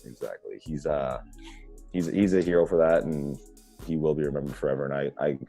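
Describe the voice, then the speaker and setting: Very deep, fast-talking male guest. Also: vocal fry, warm tone, breathy edge, soft background music. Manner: heartfelt, with frequent restarts. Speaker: podcast guest. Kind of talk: casual podcast conversation.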